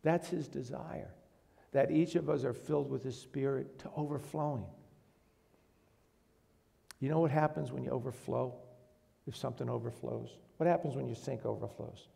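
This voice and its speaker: A man's voice: medium pitch, moderate pace, gravelly, long pauses, dark tone. A man preaching a sermon to a congregation in a church, earnest, asking the room questions and rising to emphatic bursts. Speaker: pastor.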